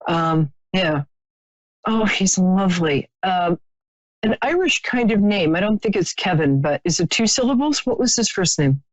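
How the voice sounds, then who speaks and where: A woman's voice: fairly low pitch, lively intonation, unhurried, no room sound, low-quality recording. A woman hosting a live stream, chatting sympathetically with a caller as she gives a psychic reading, with many fillers and restarts.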